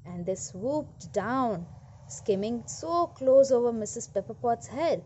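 A woman reading a story aloud to children, animated and stopping to ask questions. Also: fairly high pitch, slow pace, highs cut off. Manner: animated, asks listeners questions.

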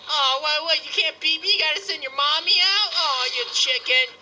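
A woman's voice: high voice, fairly quick, hardly any pauses, sharp tone, a little hiss or hum, low-quality recording. A woman hosting a gaming channel, giving casual let's-play commentary in a bubbly, jokey way and talking back to the game.

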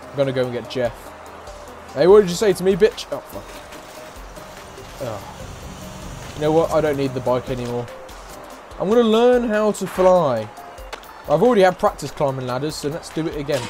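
A man giving excitable, profane let's play commentary as a gaming YouTuber, trash-talking and shouting now and then. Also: on the high side, normal speed, pauses often. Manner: shouts and whoops suddenly. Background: game music.

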